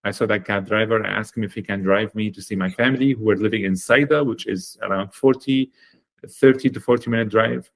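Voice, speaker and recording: Earnest man telling a story, lowish voice. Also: a little fast, gravelly. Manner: earnest, animated storyteller with frequent fillers. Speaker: guest, chocolate company founder. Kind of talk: storytelling in a podcast interview.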